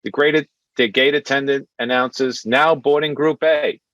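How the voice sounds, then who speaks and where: A man's voice: mid-range voice, steady tone, unhurried, fairly bright tone, dry recording, highs cut off. A man in his sixties with a thick Brooklyn accent, telling stand-up one-liners over a video call and chuckling at his own jokes. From New York. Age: 60s. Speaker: stand-up comic. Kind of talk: stand-up set. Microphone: computer mic on video call.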